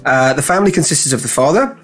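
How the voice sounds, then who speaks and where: A man's voice: a little high, animated, fast. A man hosting a comedy podcast and telling a story in casual chat, laughing and swearing. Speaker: podcast co-host.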